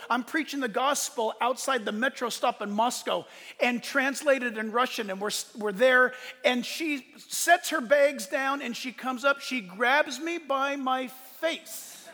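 A middle-aged male pastor preaches an impassioned sermon in an unusually high voice with a bright, forceful edge. He moves between loud exclamations and quiet, hushed storytelling, and a long reverb from a large hall fills the sound.

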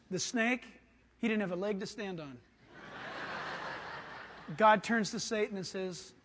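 High-voiced preacher man in a reverberant hall. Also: measured pace, long pauses. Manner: dramatic, acts out quoted voices, swings from hushed to shouting. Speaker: pastor. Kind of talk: sermon.

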